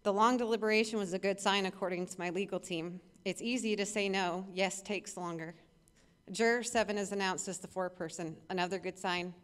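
A woman's voice: medium pitch, steady tone, fairly quick, clean tone. A woman reading her own personal essay aloud, earnest and emotional, with a few small restarts.

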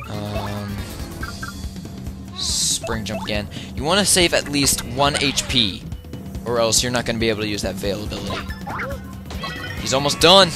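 A man giving casual, rambling, jokey gameplay commentary from home, breaking into loud excited yelps. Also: lowish voice, a little slow, pauses often. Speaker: let's player. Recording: video game music playing behind.

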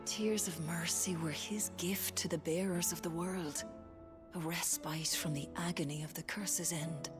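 A weary army physician from a video game, voiced by an actress, grave and earnest in the way she talks. Her voice sits low. Clear game music plays underneath. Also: steady tone, measured pace, close to an everyday voice. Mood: somber. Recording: game audio with music behind.

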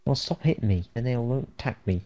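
A man's voice: mid-range voice, expressive, fast, mellow. A man, a let's play co-host in a joking, mischievous casual gameplay chat.

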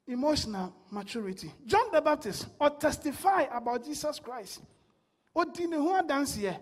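A woman's voice: high-pitched, lively intonation, normal speed. A woman preaching a sermon, with rising bursts and call-and-response.

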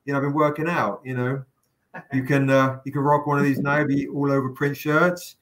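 A man's voice: mid-range voice, little pitch movement, brisk, a bit bright. A man hosting a live stream, chatting casually with fillers, jokes and the odd swear word. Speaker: livestream host running a crowdfunding campaign.

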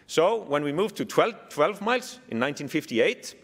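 A man with an Icelandic accent giving a keynote speech, telling a story with animated humor. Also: on the high side, moderate pace. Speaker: keynote speaker. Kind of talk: speech to a summit audience. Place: large hall. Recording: long hall reverb.

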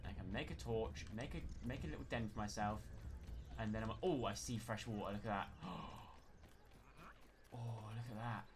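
A man with a West Country accent giving live, chatty commentary as he plays a game, narrating every move and breaking into panicked yells when things go wrong. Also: lowish voice, brisk. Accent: West Country English. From West Country of England. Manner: chatty self-narration, bursts into panicked yelling. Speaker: game streamer. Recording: steady background noise under the voice.

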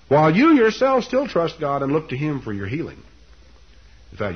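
A man preaching a sermon, telling a scripture story with lively, dramatic delivery. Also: slightly rough, highs cut off. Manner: animated storytelling, leaps up in pitch for quoted lines.

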